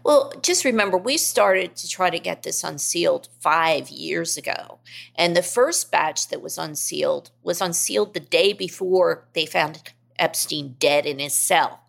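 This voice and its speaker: A middle-aged woman with a low, gravelly voice answering interview questions. She speaks earnestly and leans hard on key words. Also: a little slow, fairly bright tone. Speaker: investigative reporter, guest. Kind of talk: podcast interview.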